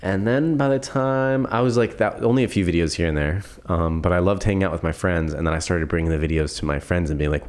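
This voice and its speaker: Podcast guest: man in his 20s, very deep voice, easygoing, rambling storyteller. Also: fast, few pauses. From Florida. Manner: relaxed, rambling storyteller with laughs and fillers. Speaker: guest filmmaker. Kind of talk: casual podcast chat.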